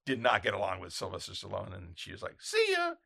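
A man working as an event photographer, telling stories in a casual interview and acting out other people. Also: fast. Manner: animated, acts out other people in high voices; gravelly and husky.

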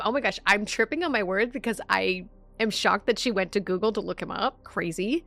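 A woman's voice: mid-range voice, a little fast, creaky, fairly bright tone. A woman hosting a casual podcast, reading online stories aloud and breaking in with chatty asides. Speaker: podcast host.

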